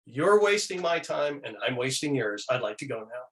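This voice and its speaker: A man's voice: medium pitch, big pitch swings, moderate pace, a bit bright. A middle-aged man, a guest on an interview show, telling anecdotes casually and acting out the people he quotes in shifting voices.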